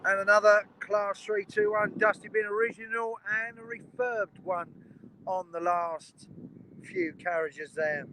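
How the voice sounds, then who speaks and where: Male live streamer outdoors by the tracks, high and chatty, faint wind behind. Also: bright, forceful tone, poor audio. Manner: chatty and enthusiastic, greets viewers by name. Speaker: train spotting live streamer. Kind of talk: casual live-stream commentary. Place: outdoors beside a railway line by a river.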